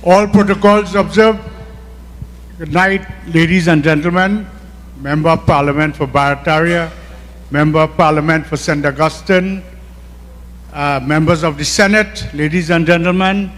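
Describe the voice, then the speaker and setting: A man, a local businessman giving a measured, formal address at a meeting. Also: fairly high pitch, steady tone, a bit bright. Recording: reverberant hall.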